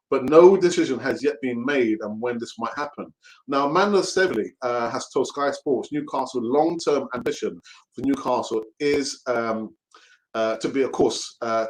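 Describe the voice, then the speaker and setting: A young man hosts a casual live show for sports fans. He chats in a loose, jokey way, wanders off on tangents and keeps restarting his sentences. His voice sits at an ordinary middle pitch. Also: poor audio. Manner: chatty, rambling, jokey, often restarting. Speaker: host of a fan channel.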